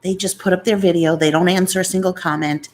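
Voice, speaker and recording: Low-voiced chatty New woman. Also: steady tone, fast talker, a little mellow, low-quality recording. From New York. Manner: rambling, chatty, jumps between topics. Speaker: YouTuber hosting a live chat. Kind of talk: casual live-stream chat.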